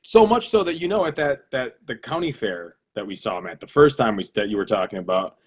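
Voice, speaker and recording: A man in his thirties, a guest on a casual livestream chat, talking in a relaxed, rambling way with fillers. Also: mid-range voice, fairly quick, breathy edge. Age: 30s.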